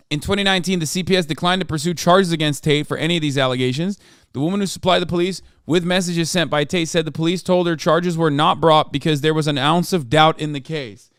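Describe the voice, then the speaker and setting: A man streaming a reaction commentary, profane, animated and sarcastic. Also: a little high, smooth, no room sound, clean studio sound. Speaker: streamer host.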